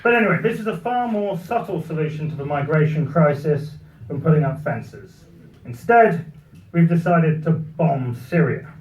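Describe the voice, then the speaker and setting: A British man delivers a satirical speech with dry irony, his voice sitting fairly high. He sounds distant from the mic in a reverberant party room. The recording is a little muffled. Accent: British English. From Britain. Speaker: after-dinner speaker. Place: party venue with live audience.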